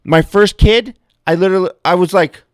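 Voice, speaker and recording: A man's voice: high voice, fairly quick, dry recording, clean studio sound. A middle-aged man hosting a livestream, ranting bluntly with heavy swearing and frequent laughs. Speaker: livestream host. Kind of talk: casual livestream chat.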